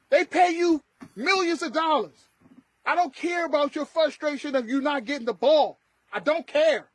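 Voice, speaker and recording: Emphatic high-voiced male sports podcaster. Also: normal speed, fairly bright tone, no room sound. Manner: emphatic, repetitive ranting. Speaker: podcast co-host. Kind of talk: casual sports talk.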